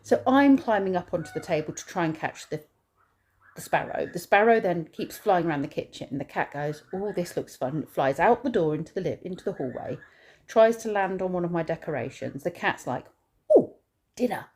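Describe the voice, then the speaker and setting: A woman's voice: lowish voice, lively intonation, a little fast, darkish tone, slight background noise. Chatty woman vlogging her garden chores. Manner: chatty, rambling storyteller narrating her chores. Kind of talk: casual vlog chat. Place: outdoors in a garden with animals.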